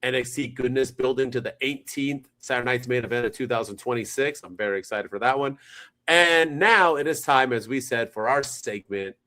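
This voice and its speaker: Male podcast co-host, mid-pitch, casual, animated and rambling. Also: brisk. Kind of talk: casual chat.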